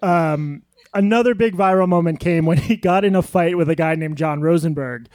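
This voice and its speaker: A man's voice: fairly high pitch, moderate pace, background noise. A man co-hosting a podcast live on stage, dry and wry, often reading quotes aloud. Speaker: podcast co-host.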